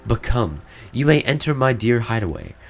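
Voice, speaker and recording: A man's voice: mid-range voice, sing-song, moderate pace, soft background music. A man voicing a stern elderly woman who keeps old legends, reading game dialogue aloud in a solemn, formal, cryptic manner.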